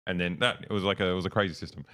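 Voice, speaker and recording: Deep-voiced man chatting loosely. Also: steady tone, very fast, fairly bright tone. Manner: rambling storyteller, many fillers and restarts. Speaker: streamer, co-host. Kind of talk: casual chat on a livestream.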